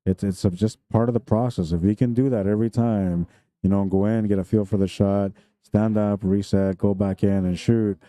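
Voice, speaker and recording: A man's voice: on the low side, fairly even intonation, moderate pace, warm tone, dry recording. A man commentating a pool tournament live stream, chatty and jokey, laughing often between remarks.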